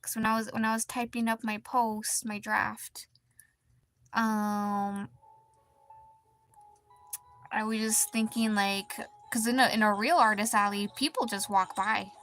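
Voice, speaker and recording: A woman streaming as an artist, chatting casually while she draws, in a halting, rambling and quietly deflated way. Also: medium pitch, level tone, faint music behind. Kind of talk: casual chat while drawing.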